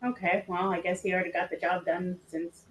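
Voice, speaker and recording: A woman's voice: on the low side, flat delivery, poor audio. Chatty woman playing a tabletop game. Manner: quick to laugh, chatty. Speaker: player. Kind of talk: casual tabletop game chat.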